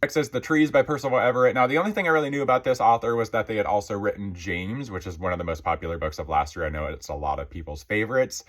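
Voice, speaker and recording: A man's voice: lowish voice, fast, hardly any pauses, fairly bright tone. A man chatting casually about books he loved, a little out of breath as he gets over being sick, filling his talk with lots of "like" and "um". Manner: rambling, filler-heavy, many "like" and "um". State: out of breath, recovering from illness. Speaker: book reviewer. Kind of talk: casual book review chat.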